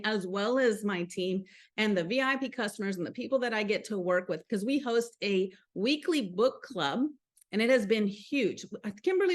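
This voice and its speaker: A woman with a Southern accent hosting a live motivational talk, chatty and upbeat, speaking straight to her viewers. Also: on the high side. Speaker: host.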